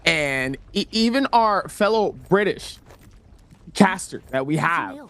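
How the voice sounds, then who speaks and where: A man's voice: a little high, lively intonation, slow, fairly bright tone. A man casting an esports tournament live, joking with chat and laughing often between play-by-play calls. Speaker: esports caster.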